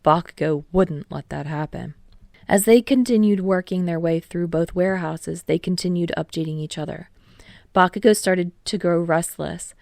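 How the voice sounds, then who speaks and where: A woman narrates a story in a steady, even reading voice. Her tone sits low with a noticeable gravelly fry. The recording is dry and close with no room sound. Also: normal speed, dry recording. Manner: steady storytelling, voicing all characters. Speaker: podfic reader. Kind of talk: scripted narration.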